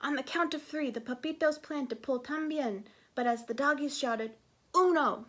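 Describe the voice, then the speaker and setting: A woman reads a picture book aloud to children. She is playful and expressive, with a high voice. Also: moderate pace. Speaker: children's story reader. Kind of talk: read-aloud storytelling.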